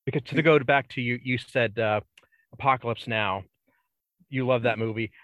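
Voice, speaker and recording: A man in casual chat, talking in a thoughtful, measured and slightly wry way. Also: medium pitch, a bit bright, no room sound. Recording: dry, dull lo-fi mic.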